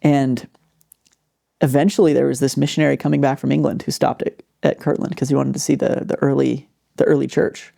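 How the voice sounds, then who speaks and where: A man hosting a podcast, telling a story in a casual, animated way with lots of fillers. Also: mid-range voice, fairly quick, gravelly. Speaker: podcast host.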